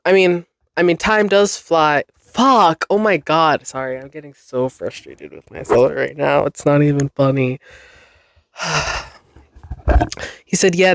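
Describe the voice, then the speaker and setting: A woman in her twenties hosts a podcast solo, chatting casually in a rambling, self-deprecating way and often swearing and laughing. Her voice is low, and the recording is dry with clean studio sound.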